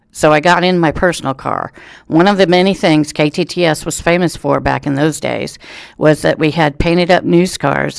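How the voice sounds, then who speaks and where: Guy reading a news story on air, steady storyteller, some fry in the voice. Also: fairly high pitch, no room sound. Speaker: radio reading service volunteer reader. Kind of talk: reading a news article aloud. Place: thrift store.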